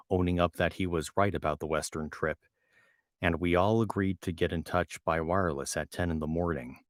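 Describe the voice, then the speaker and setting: A man's voice: deep voice, dry recording, clean studio sound. A man reading a novel aloud at home, often tripping over words and restarting them. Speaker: reader reacting to a novel. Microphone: home microphone.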